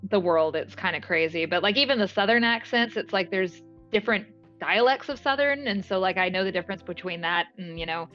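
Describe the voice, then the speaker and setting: A woman's voice: medium pitch, a bit bright, soft background music. Chatty woman voice actor, dull audio. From moved often, mainly Alaska. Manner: chatty, many fillers and quick laughs. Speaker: voice actress guest. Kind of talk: casual interview chat.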